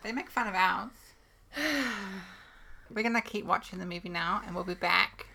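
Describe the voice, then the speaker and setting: A woman's voice: fairly low pitch, normal speed, vocal fry, sharp tone. A woman co-hosting a casual podcast chat, speaking with wry, dry understatement. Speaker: podcast co-host.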